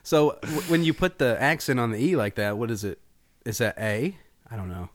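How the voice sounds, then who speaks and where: A man's voice: medium pitch, moderate pace. A man, co-hosting a casual film podcast, telling stories with lots of laughter and restarts. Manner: chatty storyteller, laughs often, many restarts. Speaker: podcast co-host.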